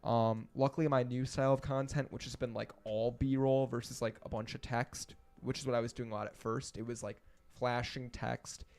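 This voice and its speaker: A man in his twenties, a podcast guest, talking in an animated, rambling way and laughing often in casual chat. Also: mid-range voice, normal speed, gravelly, few pauses.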